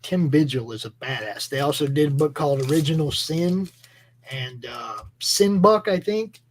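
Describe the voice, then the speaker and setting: Rambling enthusiastic man, slightly high voice. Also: moderate pace, slight background noise, rough recording. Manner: enthusiastic, rambling, many fillers and restarts. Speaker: host. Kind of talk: casual chat about comic books.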